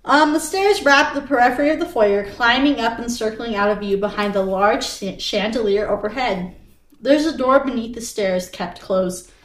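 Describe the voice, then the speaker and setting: Lively woman reading a story aloud, roomy sound. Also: a little high, moderate pace. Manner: animated reading, laughs often, breaks off to chat. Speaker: podcast co-host reading a gamebook aloud. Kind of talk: casual read-aloud storytelling. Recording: roomy echo, distant from the mic.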